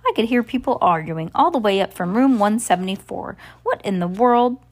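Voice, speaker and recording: A woman reading a flustered banker, loud and demanding. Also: medium pitch, lively intonation, normal speed.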